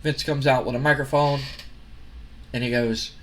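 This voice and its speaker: A man's voice: mid-range voice, steady tone, moderate pace, a bit bright. A man hosting a gaming video, narrating a recap casually with some restarts.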